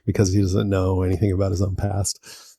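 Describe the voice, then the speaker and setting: A man's voice: low voice, completely flat delivery, a little fast, dark tone, husky, no echo, studio quality. A man co-hosting a casual podcast about movies, recounting scenes and laughing often. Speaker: podcast co-host.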